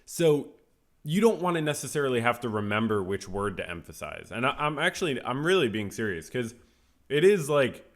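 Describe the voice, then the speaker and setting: A man's voice: mid-range voice, fairly bright tone. A man hosting his own podcast, talking casually in a rambling, self-correcting way with many fillers. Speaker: podcast host. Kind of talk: casual solo podcast talk.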